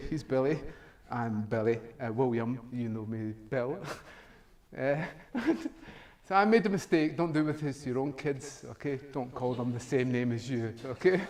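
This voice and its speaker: A man's voice: medium pitch, moderate pace, a little mellow. A middle-aged man, a professor, giving a humorous meetup talk, chuckling often and acting out both sides of a conversation. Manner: jokey storytelling, chuckles often, acts out dialogue. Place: meetup venue room.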